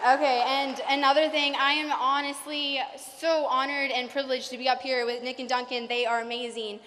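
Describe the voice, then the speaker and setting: A young woman giving a graduation speech as salutatorian, nervous and fast, with many fillers. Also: high voice, level tone, pushed and bright, some chatter behind, slight background noise. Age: young adult. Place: large hall. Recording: reverberant hall.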